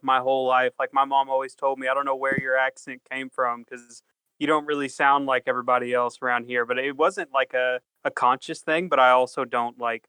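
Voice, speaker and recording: Podcast guest dude, hesitant and chill, bright voice, dry close mic. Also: male voice, mid-range voice, clean tone, dry recording, poor audio. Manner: hesitant, laid-back, trailing off softly. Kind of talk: casual podcast chat.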